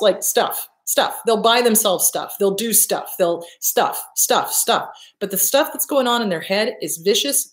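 Blunt, profane woman talking in an echoey room. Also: medium pitch. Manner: blunt, profane, emphatic, repeats points. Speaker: host, therapist giving advice. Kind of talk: casual direct-to-camera advice talk.

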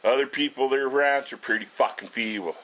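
This vlogger, a middle-aged man, speaks at medium pitch, a little fast, with a bit of brightness. He's blunt and rambling, swearing all the time while he cooks and shows off his small house in a casual ranting vlog.

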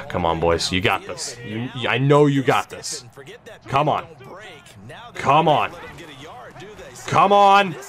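A young man commentating his own football video game, emotional and swearing, going from tense muttering to high yelling. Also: lively intonation, slow pace, pauses often. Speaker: gaming YouTuber. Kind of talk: gameplay commentary.

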